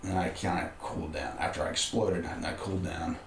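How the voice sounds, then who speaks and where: A man's voice: sits low, steady tone, fairly quick, creaky. A middle-aged man, a podcast guest, telling a personal story in a candid, conversational way with frequent restarts. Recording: roomy room with faint background noise.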